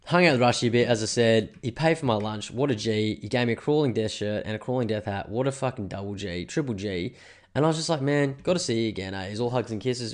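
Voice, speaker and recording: An Australian man in his thirties talks casually on his own podcast, rambling through stories and swearing freely. His voice sits a bit low. He gets animated as he goes. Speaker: podcast host. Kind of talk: casual solo podcast chat.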